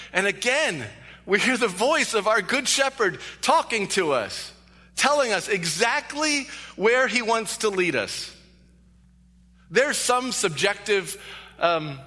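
A male pastor with a high, sharp voice preaches a sermon in a church sanctuary, earnest and emphatic, repeating key phrases. The recording carries the long echo of a large hall.

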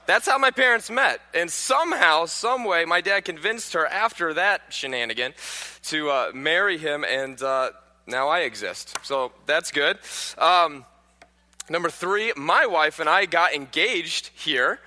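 A man's voice: fairly high pitch, pushed and bright. A man in his thirties from Pennsylvania, a guest preacher telling humorous stories and quizzing the congregation. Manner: joking, questions the audience. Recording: echoey church hall.

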